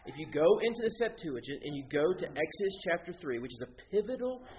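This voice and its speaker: A man preaching an expository sermon, explaining Greek words step by step in an animated teaching manner. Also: fairly high pitch, brisk. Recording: dull lo-fi sound with faint noise.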